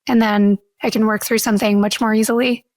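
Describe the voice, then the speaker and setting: A woman with a slightly high voice co-hosts a podcast in relaxed conversation. She asks curious questions and laughs easily. The sound is dry and close to the mic. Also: a little fast, no echo. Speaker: podcast co-host. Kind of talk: casual chat.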